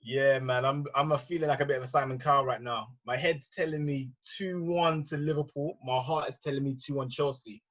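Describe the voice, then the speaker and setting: A man chatting about football as a regular panelist on a podcast, relaxed and quick to laugh. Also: medium pitch, no echo, highs cut off. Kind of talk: casual football banter.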